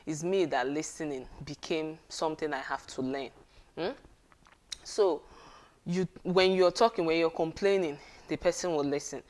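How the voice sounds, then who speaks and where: A woman's voice: sits low, moderate pace, a little mellow. A woman giving an earnest, casual talk on marriage and often checking in with her listeners. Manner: earnest, conversational, with frequent check-ins to listeners.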